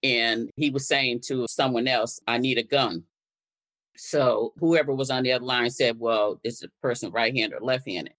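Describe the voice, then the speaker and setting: A very deep, fairly bright female voice at a moderate pace belongs to an older Connecticut activist on as a guest. Conversationally, she walks through past events and performs the exchanges she quotes.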